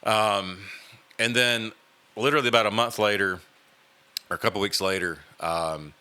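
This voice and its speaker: A man's voice: lowish voice, fairly even intonation, moderate pace, sharp tone, clean tone, no room sound. A man, hosting a podcast and telling a personal story in a casual, earnest way, with many fillers and restarts. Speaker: podcast host.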